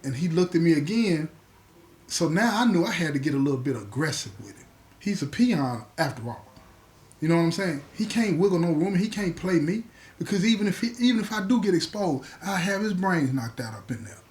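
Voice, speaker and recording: Animated man telling a story. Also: fairly high pitch, brisk. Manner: animated, slangy, acts out the other people's lines. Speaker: storyteller recounting his past. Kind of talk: casual storytelling.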